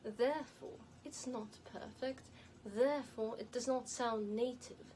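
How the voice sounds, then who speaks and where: Woman with a light non-native accent giving style advice to camera, kinda high voice, slow and emphatic. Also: warm tone, a little hiss or hum, low-quality recording. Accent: light non-native, elocution-trained. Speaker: image and style consultant.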